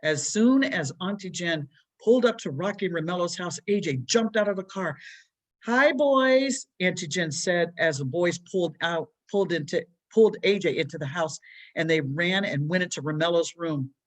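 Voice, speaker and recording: A woman's voice: on the low side, brisk. Children's author narrating her storybook, earnest and plain. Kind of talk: reading her own children's book aloud.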